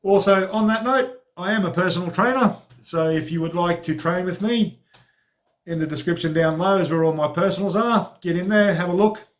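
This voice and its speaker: A man's voice: high voice, brisk. A man hosting his own training diary vlog as a personal trainer, talking in a chatty, informal, upbeat way.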